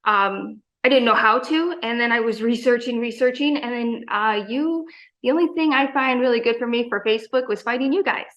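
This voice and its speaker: Excited mom in her 40s gushing about her gym, slightly high voice, lots of "you know" and "like". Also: brisk, muffled recording. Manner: enthusiastic, rambling with fillers and quoted asides. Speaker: gym member guest. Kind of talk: casual interview chat.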